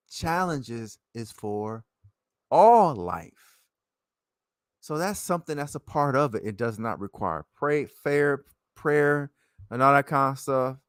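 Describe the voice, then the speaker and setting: A man's voice: mid-range voice, no echo. Rambling man with a dry close sound. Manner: rambling, swings between loud and soft. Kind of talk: casual monologue.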